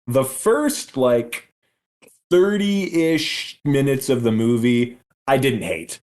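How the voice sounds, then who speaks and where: A man's voice: mid-range voice, expressive, slow, darkish tone. Ranting profane podcast guy. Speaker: podcast co-host. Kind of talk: casual movie review chat.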